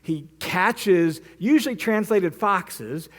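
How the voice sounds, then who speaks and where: A man's voice: high voice, expressive, slow, a bit bright. A male pastor preaching a sermon, retelling a story vividly and acting out the characters' lines. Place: church.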